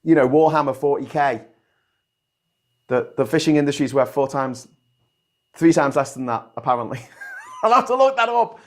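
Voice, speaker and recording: Scouse man, livestream host, sweary, ranting, stop-start sentences, a bit higher voice. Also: lively intonation, normal speed, long pauses. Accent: Liverpool. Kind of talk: casual livestream commentary.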